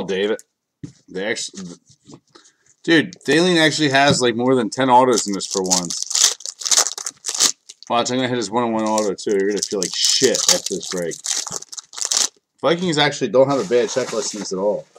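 A man's voice: medium pitch, lively intonation, moderate pace, long pauses, background noise. A man with kids, a bit sick, hosting a live card break in a casual, joking way and talking to viewers by name. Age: adult, has kids. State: a bit sick, clearing throat.

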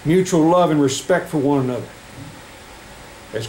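A man's voice: fairly high pitch, dark tone. Preacher, middle-aged man, raised voice for scripture, roomy church sound, faint hum behind. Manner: reads scripture with rising emphasis, halting restarts. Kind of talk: sermon. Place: church sanctuary. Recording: echoey church room with faint air conditioning hum.

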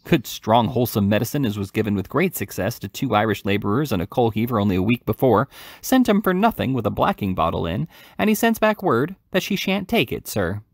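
A man voicing a pompous, stout parish beadle who blusters with loud indignation, in a storybook reading. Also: on the low side, expressive, a little fast, dry recording, studio quality. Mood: indignant.

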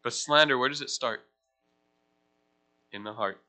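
Bright-voiced pastor, chatty sermon. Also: male voice, medium pitch, a little slow. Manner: conversational, asks the room questions, self-deprecating asides. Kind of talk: casual teaching sermon. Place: church.

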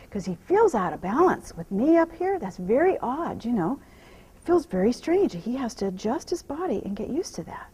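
A woman horse trainer talking out loud while she rides, softly praising the horse and explaining each step. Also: on the high side, very animated, normal speed, a little hiss or hum, low-quality recording. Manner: soothing praise to the horse, mixed with quiet running explanation. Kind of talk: narrating while riding.

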